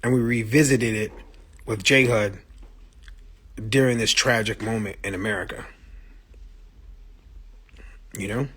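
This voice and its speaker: On the low side yet fairly bright, with a steady tone, normal speed and a breathy edge, this voice belongs to a musician livestreaming to fans on his phone. In a casual monologue he speaks with passion, blunt and profane, answering viewer comments as they roll in.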